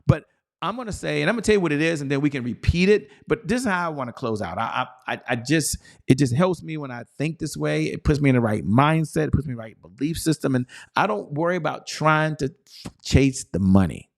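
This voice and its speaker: A man hosting a motivational sales show, energetic and excited, repeating phrases and slowly chanting a belief statement for listeners to echo. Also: on the high side, creaky. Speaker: host.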